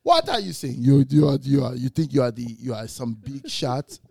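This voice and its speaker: A man voicing his stern African immigrant father with a heavy African accent, scolding loudly. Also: mid-range voice, fairly even intonation, moderate pace, no echo, clean studio sound, natural voice.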